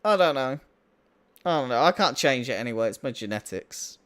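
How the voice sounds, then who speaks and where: A man's voice: mid-range voice, animated, brisk, fairly bright tone. A man chatting casually during a game live stream, self-mocking and swearing freely, with a voice he says people call cartoonish. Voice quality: voice others find odd and cartoonish. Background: faint in-game music.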